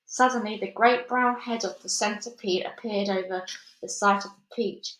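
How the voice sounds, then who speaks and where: A woman reading a children's book aloud chapter by chapter, steady with small slips and restarts. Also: mid-range voice, normal speed. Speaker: storybook reader. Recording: echoey room.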